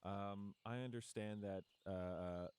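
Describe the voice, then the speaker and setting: Casting: a very deep-voiced male player, halting and casual. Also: steady tone, darkish tone, a little hiss or hum. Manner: hesitant, thinking aloud. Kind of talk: casual chat at a game table.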